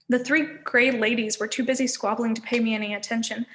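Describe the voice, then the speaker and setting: A woman teacher reading a novel aloud to learners, expressive and giving each character a voice. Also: fairly high pitch, a little fast, hardly any pauses, slight background noise. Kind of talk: storybook read-aloud.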